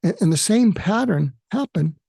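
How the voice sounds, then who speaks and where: Guy hosting his own show, thinking out loud, lots of uhs and restarts, low mellow tone, dry close sound. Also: lively intonation, vocal fry, breathy edge, no room sound. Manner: halting, with frequent fillers and restarts. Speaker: podcast host and therapist. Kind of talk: reflective spoken monologue.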